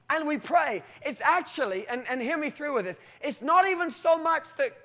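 A man preaching a sermon with animated storytelling and emphatic, halting restarts. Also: very high-pitched. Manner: animated storytelling, often breaking into acted voices.

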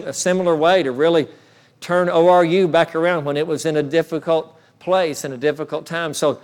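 A man's voice: a little high, smooth. A male pastor telling a story in a sermon, with frequent restarts that build in intensity. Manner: storytelling, many restarts, rises in intensity when recounting.

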